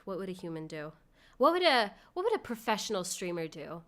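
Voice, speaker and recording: A woman's voice: mid-range voice, sing-song, brisk, fairly bright tone. A young woman streaming live, chatting with viewers in a rambling, giggly way and thanking donors. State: sick with covid. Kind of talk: casual live-stream chat.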